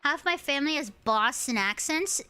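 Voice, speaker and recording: A young American woman streaming, chatting with her viewers in an animated, swearing storytelling manner. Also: high-pitched, normal speed. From United States. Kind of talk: casual chat with viewers. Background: faint background music.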